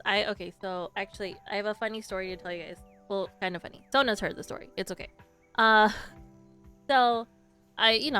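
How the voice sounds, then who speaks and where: A woman's voice: mid-range voice, a bit bright. A young woman chatting to her stream viewers while gaming, telling a story with lots of fillers and restarts.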